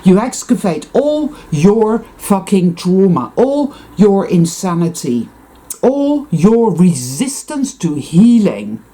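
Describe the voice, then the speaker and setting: A woman's voice: mid-range voice, sing-song, takes it slowly, mellow. A woman talking straight to her viewers in a rambling monologue, swearing often and sighing heavily between thoughts. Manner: profane, intense, sighing. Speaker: spiritual vlogger.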